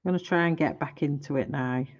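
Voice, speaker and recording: A woman's voice: low-pitched, fast talker, a little mellow, highs cut off. A woman hosting a colouring live stream, chatting casually and giggling as she trips over product names.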